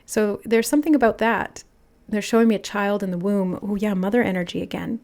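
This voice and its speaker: Soft-spoken woman giving a tarot reading. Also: medium pitch, steady tone, a little fast. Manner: musing, soft-spoken, channeling aloud. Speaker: tarot reader. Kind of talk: intuitive spiritual reading.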